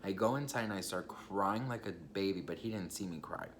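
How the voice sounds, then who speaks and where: A man's voice: low voice, fairly quick, a little hiss or hum. A young man telling a personal story in a casual, chatty vlog, swearing freely and talking straight to his viewers. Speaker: vlogger.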